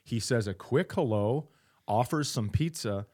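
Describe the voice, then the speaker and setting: A man's voice: mid-range voice, lively intonation, unhurried, darkish tone. A man co-hosting a comedy podcast, riffing playfully and spinning absurd tangents. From Minnesota, United States. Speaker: podcast co-host. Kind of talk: casual comedic chat.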